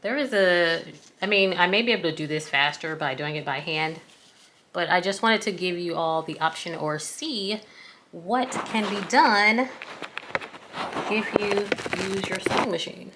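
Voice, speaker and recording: Speaking at a normal speed, the woman has a lowish voice with a fairly bright tone. She's a craft tutorial host from the American South whose Southern accent comes through as she chats easily, leading a sewing tutorial with folksy, self-deprecating humor.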